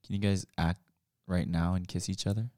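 A young man cohosting a podcast, joking with a deadpan, dry humor. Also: deep voice, a little fast. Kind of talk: casual podcast chat.

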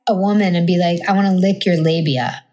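A woman's voice: lowish voice, fairly even intonation, brisk, mellow. A woman from Montauk co-hosting a podcast, chatting in crude, giggly banter. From Montauk, New York. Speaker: podcast co-host. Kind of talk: casual chat.

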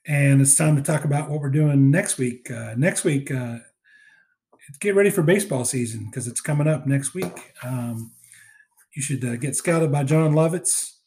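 A man's voice: mid-range voice, normal speed, darkish tone. A man hosting a podcast in a casual, rambling chat full of fillers. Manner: rambling, many fillers and restarts. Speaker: podcast host.

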